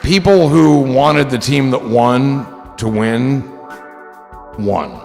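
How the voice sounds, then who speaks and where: A man's voice: mid-range voice, lively intonation, takes it slowly, gravelly, a little mellow, in a large hall, soft background music, some chatter behind. A man hosting a livestream in casual chat, rambling and joking with a loose, swearing manner. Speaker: livestream host.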